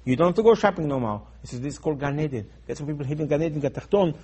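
A man teaching in a sermon style, emphatic and repetitive, acting out dialogue, going from soft asides to loud urgent stresses. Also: on the high side, rapid-fire, breathy edge. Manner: acts out dialogue in his teaching. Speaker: Torah teacher.

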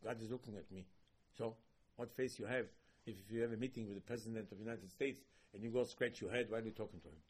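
A man preaching a sermon, his voice jumping loud and high when he acts out quoted questions. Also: quick pace, breathy edge. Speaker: rabbi.

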